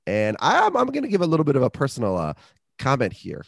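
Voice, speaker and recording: A man's voice: mid-range voice, fast talker, vocal fry, slightly rough, no echo, clean studio sound. A man co-hosting a podcast, joking and rambling through a casual ad read and sports chat. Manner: jokey, rambling, lively. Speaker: podcast co-host.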